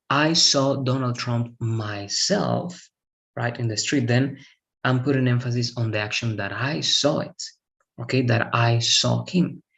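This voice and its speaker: A man tutoring English online with a gravelly, creaky voice. He explains slowly and repeats each point, checking often that the student follows. His pitch sits in a middle range. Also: poor audio. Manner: patient, repetitive, checks understanding with "all right?". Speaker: English teacher. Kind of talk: one-on-one online English lesson.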